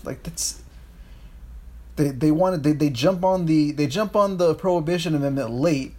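A man's voice: on the high side, moderate pace, dark tone. A man co-hosting a podcast, chatting casually about history, rambling with frequent restarts and swearing. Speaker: podcast co-host.

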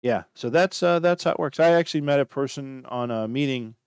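A man's voice: mid-range voice, a little fast, darkish tone, clear, resonant tone, dry recording. Rambling man giving casual advice, dry sound. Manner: rambling, loose, restarts and repeats himself. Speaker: podcast host.

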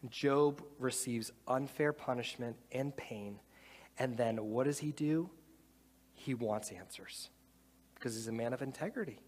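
A man's voice: medium pitch, unhurried, darkish tone. A man preaching a sermon to a live congregation, conversational and enthusiastic. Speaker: pastor. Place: church with audience. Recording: reverberant church hall.

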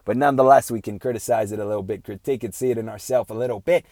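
A man's voice: fairly low pitch, steady tone, racing, darkish tone, no room sound. A man giving an earnest, unscripted moral talk, piling up rhetorical questions, often checking in with "right?", and restarting his sentences with many fillers.

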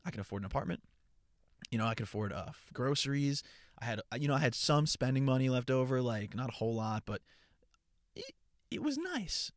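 A young man hosting his own podcast from inside a car, chatting casually in an energetic, profane, rambling way with lots of restarts. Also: mid-range voice, no echo, studio quality. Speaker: podcast host and content creator. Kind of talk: casual solo podcast chat. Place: parked car.

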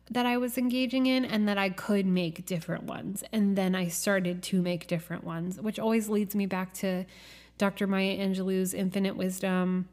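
Woman, podcast host, reflective spiritual monologue, earnest, musing, drawn-out phrasing. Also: mid-range voice, a little mellow.

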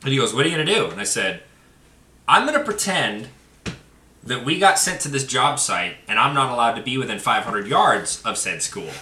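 A man tells a story in loose chat, his voice bright and very sharp, swinging high and low as he laughs and acts out the people in it. He sits a little off the mic in an echoey room with faint ambience behind him. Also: normal speed, distant mic. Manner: animated, laughing, acts out quotes loudly. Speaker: podcast co-host telling a story.

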